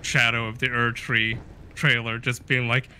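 A man chatting casually as a co-host on a game stream, halting and repeating words as he thinks aloud. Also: mid-range voice, level tone, bright, forceful tone, clean tone. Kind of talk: casual chat.

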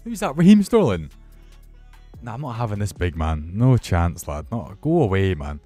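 A young man commentating his football video game with excitable, sweary banter. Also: fairly low pitch, normal speed, no echo, soft background music. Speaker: gaming YouTuber. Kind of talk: casual gameplay commentary.

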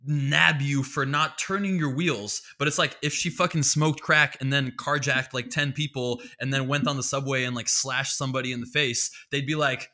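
A man's voice: mid-range voice, sharp tone. A man hosting a podcast, ranting in a heated, sarcastic comedic monologue full of swearing. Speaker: podcast host.

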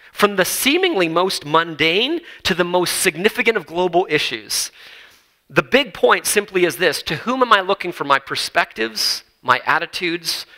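A man's voice: fairly high pitch, bright, forceful tone, low-quality recording. A male pastor preaching a sermon in an earnest, emphatic way, building lists and asking rhetorical questions. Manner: repeats words and phrases for emphasis.

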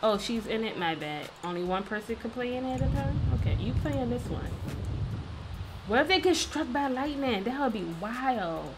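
A woman's voice: a little high, expressive, moderate pace, noisy background. A woman hosting a casual let's-play, chatting playfully and talking to the characters on screen. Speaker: gaming video host.

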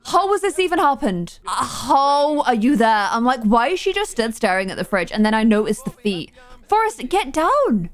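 Lively, expressive woman gaming. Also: fairly high pitch. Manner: chatty, exasperated, quick to exclaim at mishaps. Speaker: gaming YouTuber. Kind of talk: casual gameplay commentary.

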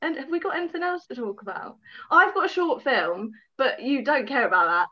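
A woman's voice: high voice, expressive, a little fast. A woman, an actress, chatting as a guest over a video call, giggly and self-mocking. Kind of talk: casual interview chat. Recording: dull lo-fi video call audio.

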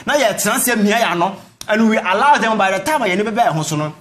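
A man's voice: high-pitched, lively intonation, normal speed, fairly bright tone. A man giving a fervent, rousing speech. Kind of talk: impassioned speech.

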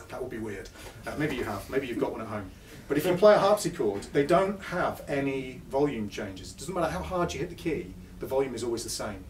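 Speaking fairly quickly and very animatedly in a mid-range voice, a man leads a live guitar clinic for a music-store audience, chatty and self-deprecating, with guitar playing between phrases. The shop is echoey and recorded from a distance, with slight background noise.

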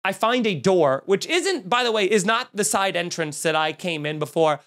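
Young man, comedian podcast host, high pitch, profane, exasperated, animated storytelling. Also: moderate pace. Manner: profane, exasperated, acts out quotes loudly. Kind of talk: animated comic storytelling rant.

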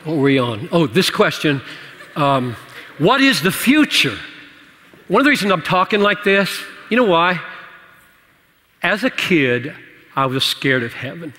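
A man preaching and answering questions in a church teaching session, animated and playful, laughing at his own jokes. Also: on the high side, unhurried, long pauses. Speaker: pastor. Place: church hall. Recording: church hall reverb.

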